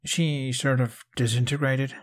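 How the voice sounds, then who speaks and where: Man doing a shaken young viking lad, hushed muttering, husky tone. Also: on the low side, normal speed.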